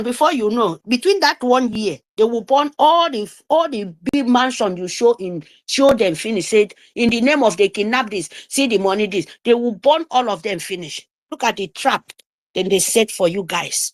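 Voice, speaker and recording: A middle-aged woman, giving an impassioned, scolding speech on a live audio call, emphatic and repetitive. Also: a little high.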